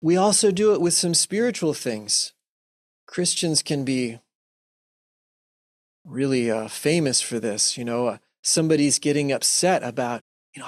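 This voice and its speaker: A man giving a gentle, earnest talk to a Christian audience, often restarting his sentences and acting out short examples. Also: on the high side, expressive, moderate pace, no room sound, studio quality. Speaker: speaker giving a Lenten talk.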